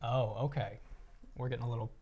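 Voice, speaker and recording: A man co-hosting a tech live stream, presenting deals in a relaxed way with dry remarks. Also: medium pitch, quick pace, highs cut off, a little hiss or hum. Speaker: stream co-host. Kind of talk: casual tech news chat.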